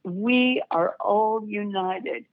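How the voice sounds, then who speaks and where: Speaking extremely slowly at a medium pitch, an older folk dance director rambles warmly and proudly through her stories as a radio show guest in a relaxed interview. There's no echo; the sound is a dry, tinny phone line.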